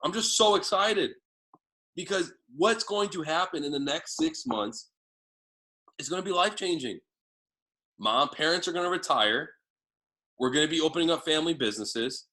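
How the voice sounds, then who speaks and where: Excited man giving a sales pep talk. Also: on the high side, low-quality recording. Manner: excited, rapid-fire, swears casually. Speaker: team leader giving sales training. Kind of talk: motivational training talk.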